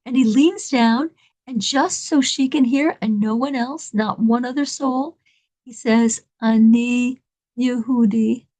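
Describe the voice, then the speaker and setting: A woman telling an inspirational story in an animated, dramatic way, laughing between lines. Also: sits high, measured pace.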